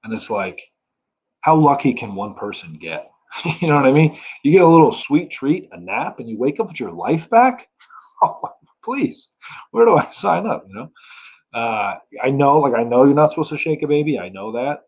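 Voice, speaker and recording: A man's voice: medium pitch, sing-song, normal speed, a little mellow, slightly rough, highs cut off. A young man from New Jersey with a New Jersey accent, doing a dry, complaining stand-up set. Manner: dry, self-deprecating, complaining. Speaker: stand-up comedian.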